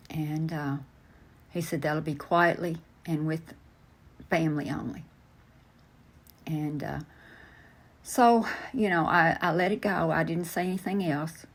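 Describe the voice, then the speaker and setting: Older woman, low voice, halting storyteller answering interview questions. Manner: slow, halting, many fillers and restarts. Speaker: interview guest.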